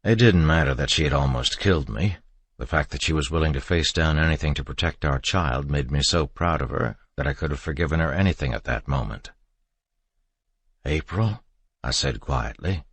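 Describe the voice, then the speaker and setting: A man narrating a first-person horror audiobook in a steady, measured reading. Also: rumbling low, breathy edge, no room sound.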